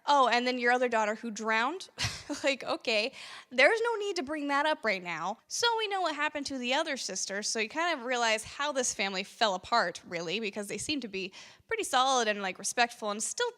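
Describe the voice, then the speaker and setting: Young woman, casual movie reviewer, bright and slightly high voice, chatty with lots of ums and laughs. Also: big pitch swings, fairly quick. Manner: chatty, laughing, many fillers and restarts.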